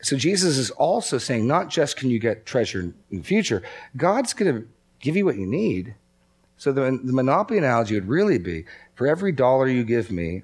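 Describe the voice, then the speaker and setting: A man's voice: mid-range voice, a little mellow. A man preaching a sermon in a conversational way, telling stories and acting out quotes. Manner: conversational, storytelling with acted quotes. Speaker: pastor.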